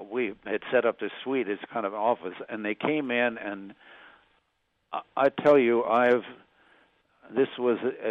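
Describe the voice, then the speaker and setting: An older man, a former magazine journalist, recalling past stories as an interview guest, speaking haltingly with frequent restarts. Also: mid-range voice, no echo, phone-quality sound. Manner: halting, with many restarts and fillers.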